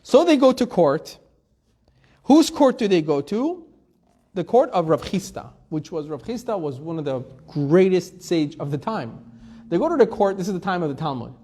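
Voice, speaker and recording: A man teaching a Torah class as a rabbi, conversational and lively, quoting Hebrew phrases and asking and answering his own questions. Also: high voice. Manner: storytelling with Hebrew quotes.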